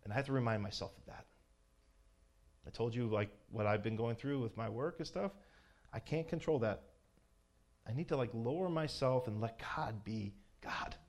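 A man preaching an informal sermon in a conversational way, asking his listeners questions and building to loud, fervent exhortation. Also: mid-range voice, moderate pace, pauses often.

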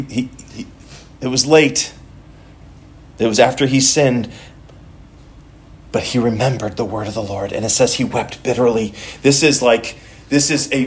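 A man's voice: medium pitch, a little hiss or hum. A male pastor preaching a sermon in a conversational way, often restarting and repeating words as he goes.

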